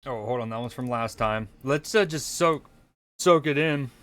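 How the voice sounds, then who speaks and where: A man hosts a live stream, chatting in a relaxed way with his viewers as he reacts to clips. His pitch sits in the middle, and he talks in an easygoing, conversational way. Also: moderate pace.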